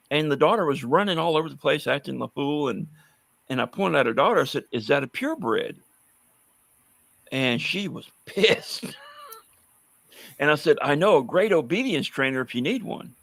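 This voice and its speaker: A man's voice: a little high, vocal fry, a bit bright, dry recording. A man telling blunt, wry stories in a casual podcast conversation. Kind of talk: casual anecdotal storytelling.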